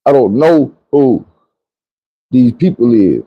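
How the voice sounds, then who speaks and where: A man's voice: mid-range voice, sing-song, takes it slowly, husky, no echo, highs cut off. A man, telling a personal story in a conversational, emphatic way. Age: 40s. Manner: conversational, emphatic, repeats "you know what I'm saying".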